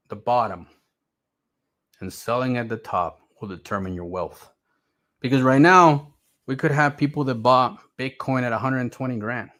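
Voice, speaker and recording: A man hosting his own stream, delivering a blunt, profane motivational rant that keeps repeating itself and swings between loud and quiet. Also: mid-range voice. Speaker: crypto streamer.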